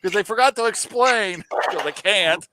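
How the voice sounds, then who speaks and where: A man hosting a casual review chat, animated and ranting, swearing freely. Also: high-pitched, a little slow, very noisy. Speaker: host.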